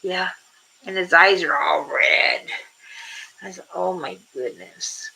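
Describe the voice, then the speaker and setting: A woman's voice: on the low side, sing-song, takes it slowly, vocal fry, bright, forceful tone, slight background noise, rough recording. An older woman chatting casually with viewers on a livestream, telling rambling stories and laughing often. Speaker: livestream host.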